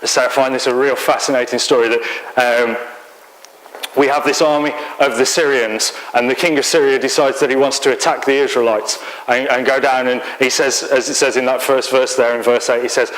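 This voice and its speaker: A man's voice: mid-range voice, steady tone, brisk, a bit bright, low-quality recording. A man with an English accent preaching a sermon in church, telling a Bible story conversationally with light humor.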